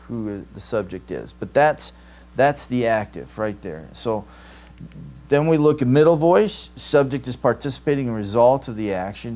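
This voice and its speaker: Recorded off a live stream, this classroom lecture features a man with a somewhat mellow, medium-pitched voice. He patiently explains Greek grammar and often asks "right?" to check in with students.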